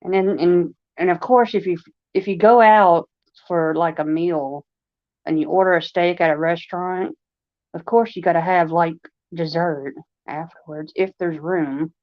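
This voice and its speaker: A woman's voice: fairly low pitch, fairly even intonation, measured pace, no echo. A woman with a Long Island accent hosting a casual livestream, chatting in a rambling way full of fillers. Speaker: livestream host. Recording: dry, slightly dull lo-fi recording.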